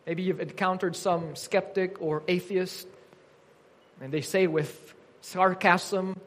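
A man's voice: high voice, fairly even intonation, slow, fairly bright tone. A man preaching an earnest teaching sermon, quoting scripture with emphasis.

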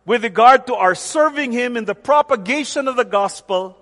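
Emphatic pastor, bright voice, hall echo. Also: male voice, extremely high pitch, expressive. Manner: deliberate, emphatic preaching with repeated phrases. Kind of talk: sermon. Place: church center with rain on the roof.

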